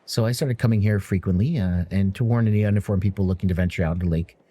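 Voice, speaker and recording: A man's voice: sits low, rapid-fire, mellow, breathy edge, no room sound. A man doing a jittery young woman naturalist who stammers through her words. She sounds earnest and a bit anxious.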